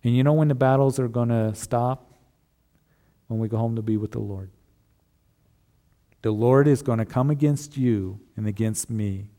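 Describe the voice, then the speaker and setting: Mellow-voiced pastor preaching conversationally. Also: male voice, mid-range voice, normal speed, pauses often. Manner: conversational, rhetorical tag questions. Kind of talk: sermon.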